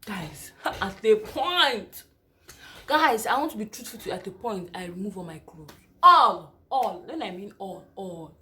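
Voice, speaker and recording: A young woman with a Nigerian accent, telling her viewers a personal story in a lively, chatty way. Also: mid-range voice, measured pace. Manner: animated, lively retelling full of asides to viewers. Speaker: vlogger. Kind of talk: casual storytelling to camera.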